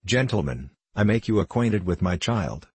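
A man's voice: lowish voice, expressive, normal speed, breathy edge, dry recording, heavily acted. A man voicing a cheerful, courteous middle-aged judge in a storybook reading. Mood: cordial.

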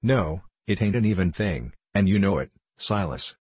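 A man reading the lines of an anxious, reproachful wife in his own low voice. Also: expressive, moderate pace, a little mellow, breathy edge, dry recording. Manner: pleading, tearful.

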